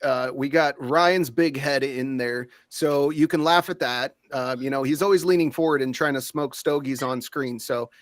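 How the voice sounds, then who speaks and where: A man co-hosting a livestream over a video call, talking in a relaxed, supportive way with many fillers. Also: mid-range voice, moderate pace, hardly any pauses, dry recording, studio quality. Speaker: co-host.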